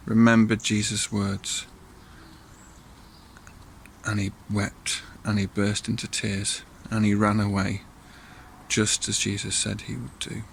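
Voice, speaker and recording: A man's voice: fairly low pitch, vocal fry, a bit bright, slight background noise. A man leading a church all-age talk, telling a Bible story in a chatty way with asides to listeners and acted voices.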